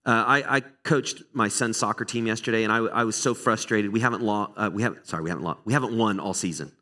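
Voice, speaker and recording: A middle-aged pastor preaches a conversational sermon, telling stories about himself with candid, animated, self-deprecating energy. He speaks fast in a fairly low voice.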